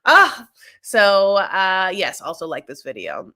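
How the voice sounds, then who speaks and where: A woman's voice: mid-range voice, big pitch swings, slow, pushed and bright. A young adult woman hosting a casual TV recap, chatty and sassy with rambling asides. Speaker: host.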